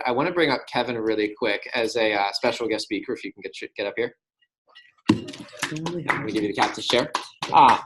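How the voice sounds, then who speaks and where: A man at a medium pitch gives an upbeat, encouraging talk to his sales team. He keeps it casual and conversational, often checking in with a quick "right?" as he goes. He speaks in a meeting room with a whiteboard. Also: a bit bright, rough recording. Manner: casual, tags remarks with "right?". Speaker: sales district manager.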